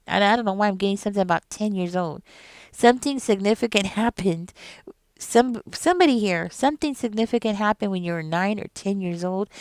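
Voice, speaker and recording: A middle-aged woman giving a casual tarot reading to camera, emphatic and animated, speaking straight to the viewer. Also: mid-range voice, clear, resonant tone, no room sound. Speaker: tarot reader.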